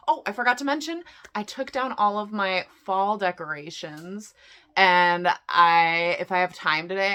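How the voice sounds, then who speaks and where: A woman's voice: medium pitch, bright, forceful tone. A woman chatting casually in a vlog, chatty and self-deprecating, talking through her day. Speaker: vlogger.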